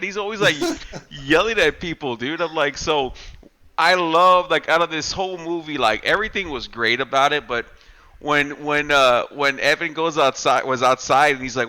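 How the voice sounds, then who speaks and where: A man co-hosting a casual movie podcast, his voice very bright and forward. He talks excitedly with constant fillers, laughing and acting out bits of dialogue with loose swearing. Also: mid-range voice, moderate pace. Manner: heavy filler words like "like" and "you know". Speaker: podcast co-host. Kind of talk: casual chat.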